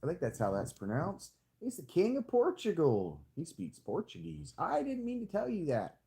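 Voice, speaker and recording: A man streaming a strategy game, talking to himself in rambling, jokey commentary with sudden squeaky jumps and a hammed-up hick drawl. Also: huge pitch swings, normal speed, vocal fry, warm tone. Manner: playfully hamming a hick drawl. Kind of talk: casual live-stream commentary.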